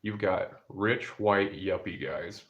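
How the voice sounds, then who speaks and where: A man's voice: low voice, fairly even intonation, slow, fairly bright tone. A man chatting casually about outdoor trips and family, rambling with many fillers and restarts. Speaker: outdoor vlogger. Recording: dull lo-fi recording.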